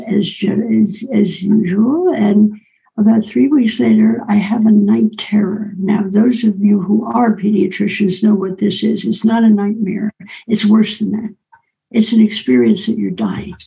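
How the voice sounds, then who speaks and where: An older woman telling a personal story in a reflective way, often pausing and adding "right?" asides. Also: mid-range voice, gravelly, warm tone, breathy edge, rough recording.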